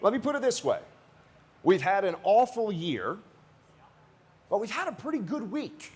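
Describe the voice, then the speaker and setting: A man's voice: sits high, sing-song, normal speed, slight background noise. A man, a radio host, giving a political rally speech with a joking, anecdotal storytelling manner.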